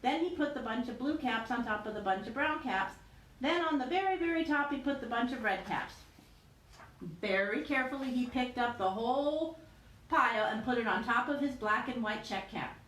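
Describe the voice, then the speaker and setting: A woman, a teacher, reading a picture book aloud with animated storytelling. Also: fairly high pitch, moderate pace. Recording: roomy echo with faint noise.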